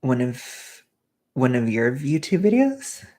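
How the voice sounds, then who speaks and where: A woman's voice: very deep voice, very animated, takes it slowly, dark tone. A woman streamer in casual, rambling chat who sometimes drops into an ASMR whisper.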